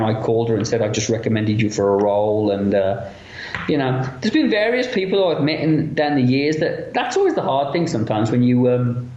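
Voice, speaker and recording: A man's voice: medium pitch, muffled recording. Chatty man telling stories in a roomy echo. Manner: animated anecdotes with many fillers and quoted voices. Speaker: interview guest, effects makeup artist. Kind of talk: casual storytelling interview.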